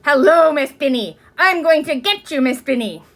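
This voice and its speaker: A woman voicing a mischievous little girl in a witch mask, shouting. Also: very high-pitched, very animated, unhurried, pitched above the performer's own voice, exaggerated voice. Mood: gleeful shouting. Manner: shouted, muffled.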